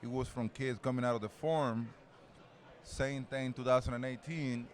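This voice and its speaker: A man's voice: medium pitch, steady tone, moderate pace. A man in his forties with a Spanish accent, talking loosely as an interview guest, rambling with many restarts and easy laughs. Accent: Spanish-accented English. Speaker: interview guest, retired baseball player. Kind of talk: casual interview.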